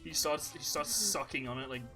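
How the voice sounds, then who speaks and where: A man hosting a podcast, telling animated made-up stories in casual chat, full of fillers. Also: a little high, normal speed, soft background music. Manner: animated storytelling, many fillers. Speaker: podcast host.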